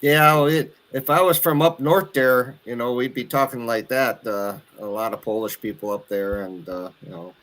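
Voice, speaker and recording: A man's voice: mid-range voice, steady tone, normal speed, hardly any pauses, fairly bright tone, low-quality recording. A man in his sixties with a Wisconsin accent, calling in and chatting in an easygoing, plainspoken way. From southern Wisconsin. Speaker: caller. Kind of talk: casual chat.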